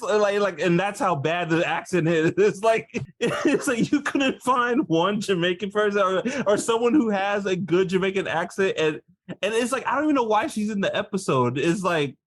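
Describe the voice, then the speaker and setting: A man's voice: high voice, moderate pace. A man co-hosting a casual podcast, laughing often and acting out scenes. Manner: animated, laughing, acts out quotes. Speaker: podcast co-host. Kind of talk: casual chat.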